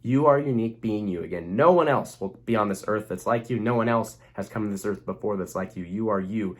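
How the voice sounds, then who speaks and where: Brisk and fairly low-pitched, a young man coaches on relationships directly to camera, earnestly motivating his audience and repeating key phrases for emphasis.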